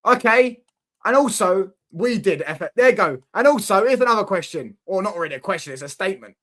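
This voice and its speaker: A man's voice: sits high, expressive, fairly quick, a bit bright. A young man arguing football in heated, teasing banter as a fan debater.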